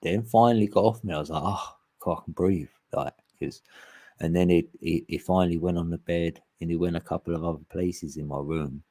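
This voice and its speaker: Guy on a livestream, low husky voice, rambly and laughy. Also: a little fast, warm tone, no room sound. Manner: rambling, chatty, laughs often. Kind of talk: casual chat.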